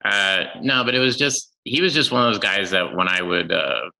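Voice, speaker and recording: A man's voice: normal speed, creaky, low-quality recording. A man in his forties, a comedian guest on a podcast, telling loose stories and jumping into impressions of strangers. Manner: loose storytelling, breaks into loud high impressions of strangers. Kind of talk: casual podcast chat.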